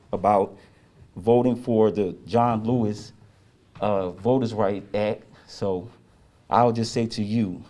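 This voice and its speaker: A man, the son of the honoree, giving an emotional, halting tribute speech at an outdoor street ceremony, with many fillers and restarts. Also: lowish voice, warm tone.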